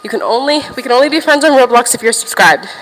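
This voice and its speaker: A woman's voice: on the high side, expressive, fast talker, fairly bright tone, long reverb tail, faint music behind, rough recording. A young woman livestreaming from a gym while walking on a stair machine, chatting casually to viewers, a little out of breath and swearing now and then.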